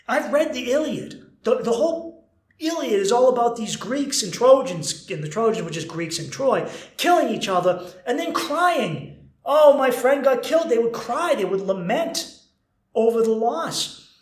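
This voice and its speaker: Casting note: male podcast host, thirties, blunt and animated, higher voice, echoey room. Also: a little slow. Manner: blunt, animated, swears freely. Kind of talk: casual podcast monologue. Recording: roomy echo.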